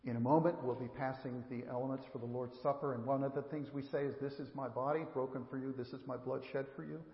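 A man's voice: medium pitch, fairly even intonation, fast. Man, pastor, earnest sermon, repeats key words, talks to kids, echoey church hall with long reverb. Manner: earnest, repeats words for emphasis, speaks directly to children. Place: church sanctuary. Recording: echoey hall, dull lo-fi sound.

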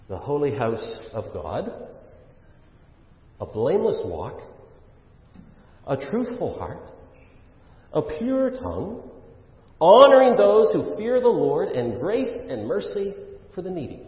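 A male pastor preaching in an easy, chatty way, full of asides and little fillers, then rising and pressing hard on his key points. His voice carries a long hall echo, and the recording sounds muffled and lo-fi. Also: mid-range voice. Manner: conversational preaching with fillers and asides, swelling for emphasis. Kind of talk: sermon. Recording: roomy hall reverb, dull lo-fi sound.

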